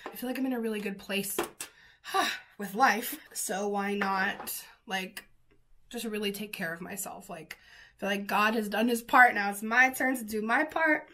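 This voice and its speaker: A woman's voice: medium pitch, unhurried, pushed and bright. Chatty, gushing woman beauty vlogger. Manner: gushing, chatty, lots of fillers and exclamations. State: sniffly nose. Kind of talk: casual makeup tutorial chat.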